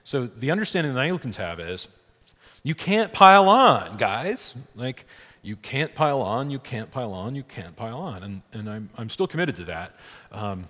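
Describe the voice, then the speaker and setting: A man's voice: mid-range voice, sing-song, moderate pace. A man, a priest, teaching a church catechesis class in a conversational way, often checking in with "right?". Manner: conversational, frequent "right?" checks, laughs, restarts. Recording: long hall reverb.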